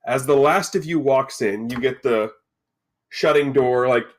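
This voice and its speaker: A male game master sets the scene for his players with lively, offhand narration and jokey asides. His voice is slightly husky and sits in a middle pitch. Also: normal speed.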